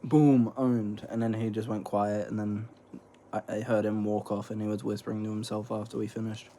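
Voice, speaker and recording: A man's voice: lowish voice, monotone, a little fast, dark tone, a little hiss or hum. A young man, chatting casually in a rambling, slangy vlog while snacking, swearing freely. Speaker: vlogger. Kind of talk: casual eating vlog chat.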